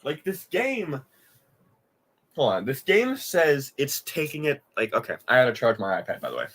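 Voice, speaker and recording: A man's voice: medium pitch, sing-song, moderate pace, fairly bright tone, husky. A man hosting a live game reaction, ranting with exasperation, swearing often and laughing at what he watches.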